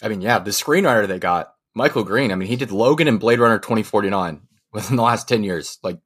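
Husky low-voiced man chatting casually. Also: fast, a bit bright. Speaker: podcast co-host. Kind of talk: casual movie podcast chat.

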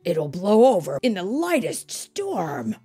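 A woman voicing a big hungry male wolf who is gentle and unsure, speaking softly and hesitantly, often in a whisper, for a storybook. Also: mid-range voice, big pitch swings, slow pace, slightly rough, soft background music, full character voice. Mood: advising.

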